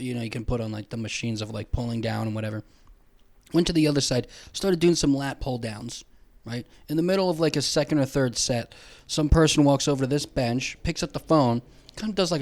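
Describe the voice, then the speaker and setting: Young guy, podcast comic, a touch high-voiced, swearing, sarcastic rambling rant. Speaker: podcast host. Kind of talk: comedic rant. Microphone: headphones and studio mic.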